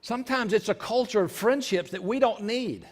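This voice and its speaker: A man preaching a sermon in church, repeating lines for emphasis and breaking into loud shouts. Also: sits high, moderate pace. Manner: preaching with sudden shouted outbursts; repetitive, emphatic delivery. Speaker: pastor. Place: church sanctuary.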